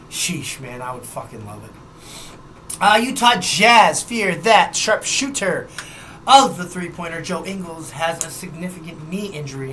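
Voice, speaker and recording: Young male sports podcaster, bright tone, casual and profane, rattles off scores. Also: fairly high pitch, a little hiss or hum. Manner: loose and chatty, swears, reads scores in quick lists. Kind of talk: casual sports news rundown.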